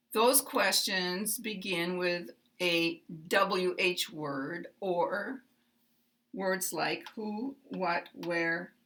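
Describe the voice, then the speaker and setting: Slow and deliberate, an American woman coaches pronunciation with a pushed, bright sound. The model phrases she offers carry overdone rises and falls in pitch.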